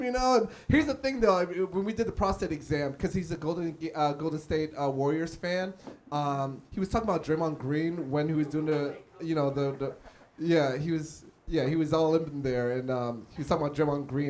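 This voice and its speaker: A man with a high, light voice performs stand-up live in a small cafe. He tells his stories with animation, slipping into the voices of the people in them. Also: darkish tone, slight background noise. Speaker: stand-up comedian. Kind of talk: live stand-up comedy set. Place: small cafe comedy stage.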